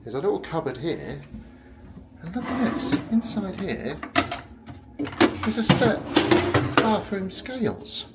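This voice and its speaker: A man's voice: high voice, very animated, takes it slowly, long pauses, roomy sound, heavy background noise. A British man giving a casual, rambling, self-mocking vlog tour of a hotel room, filmed on a handheld camera. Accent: British English. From United Kingdom. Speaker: vlogger.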